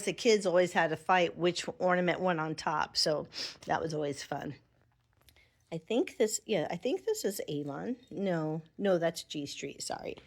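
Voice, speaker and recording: A middle-aged woman chatting fondly at home by her Christmas tree, thinking aloud as she shows her ornaments. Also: mid-range voice. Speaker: Avon representative. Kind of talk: casual home vlog.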